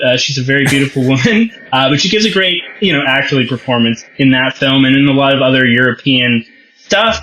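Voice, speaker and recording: Podcast co-host, male, bright forceful voice, dull lo-fi sound; rambling, wry film-review chatter. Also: mid-range voice. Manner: rambling, self-correcting, wry. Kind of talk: casual film review chat.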